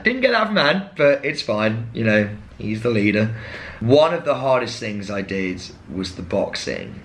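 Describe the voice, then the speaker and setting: A young man, talking casually and frankly to camera, rambling and jumping into animated impressions of others. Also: fairly low pitch, slight background noise. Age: young adult. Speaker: former contestant.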